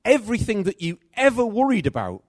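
In a slightly fast sermon, a middle-aged man tells a story from his own life, his loudness swinging back and forth. His pitch has a lively up-and-down movement. The audio is dry and close-miked, with no echo.

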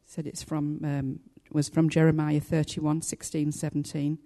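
An older woman giving a halting, heartfelt personal testimony to a church congregation. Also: deep voice, completely flat delivery, dark tone. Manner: halting and heartfelt, many pauses and fillers.

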